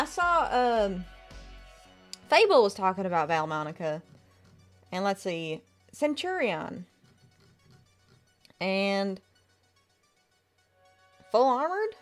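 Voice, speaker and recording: A woman's voice: on the high side, fairly bright tone. A woman game streamer chatting in a chatty, upbeat way and reading chat aloud on a live stream.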